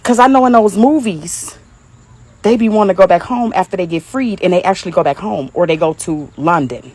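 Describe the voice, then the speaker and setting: A woman's voice: fairly low pitch, fairly quick, darkish tone, slightly rough, rough recording. A woman from Detroit with a Detroit accent, speaking in a blunt, mocking casual monologue and laughing often.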